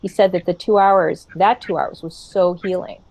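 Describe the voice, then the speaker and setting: A woman's voice: lowish voice, steady tone, a little mellow, low-quality recording. Earnest woman telling a client story. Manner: reflective, earnest, measured with many pauses. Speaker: therapeutic practitioner. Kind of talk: storytelling in casual talk.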